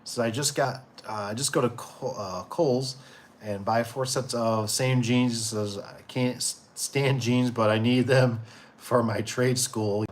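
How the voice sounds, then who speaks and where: Forty-something guy on a business livestream, laid-back, rambles, reads chat comments out loud. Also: mid-range voice, steady tone, unhurried. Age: 40s. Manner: rambling and easygoing, with many fillers and restarts. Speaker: livestream host of a door and gate business. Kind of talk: casual livestream chat, reading viewer comments aloud.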